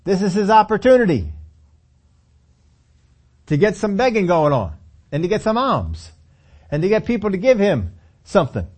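A man's voice: sits high, sing-song, normal speed, pauses often, a little mellow, breathy edge. A man preaching a sermon in a conversational way, acting out lines of scripture dialogue as he tells the story.

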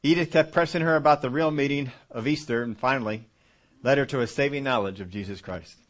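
A pastor preaching at a service, stressing points by repeating them and telling a long story. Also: male voice, mid-range voice, a little fast. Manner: emphatic repetition, storytelling. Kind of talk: sermon.

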